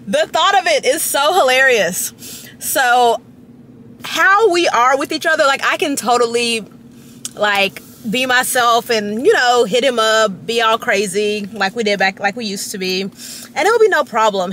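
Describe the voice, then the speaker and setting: Young girl vlogging from her car, higher voice that jumps all over, laughs a lot, faint road hum behind. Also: a bit bright. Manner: rambling, giggly, dramatic with sudden high squeals. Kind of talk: casual chat to camera. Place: parked car.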